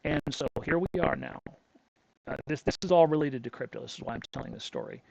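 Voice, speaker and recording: A man's voice: a little high, expressive, brisk, creaky, a little mellow, husky, no room sound, rough recording. A middle-aged man hosting a crypto channel, telling a story in a blunt, rambling way with frequent restarts. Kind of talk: casual storytelling monologue.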